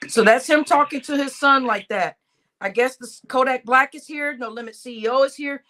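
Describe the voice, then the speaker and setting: A woman's voice: high voice, normal speed, pushed and bright. A woman hosting a casual reaction stream, talking over a played recording in a rambling way, with stumbling restarts and blunt exclamations.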